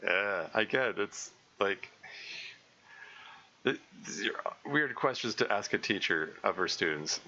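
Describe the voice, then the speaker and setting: A man's voice: lowish voice, animated, takes it slowly, sharp tone, highs cut off, heavily acted. A man voicing a composed adult woman schoolteacher who gives short, blunt answers. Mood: flustered.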